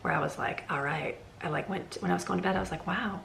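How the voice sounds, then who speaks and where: A woman's voice: on the low side, steady tone, very fast, creaky. A middle-aged woman vlogging from her home in a chatty, rambling way, laughing often. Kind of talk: casual chat. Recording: echoey room with faint ambient noise.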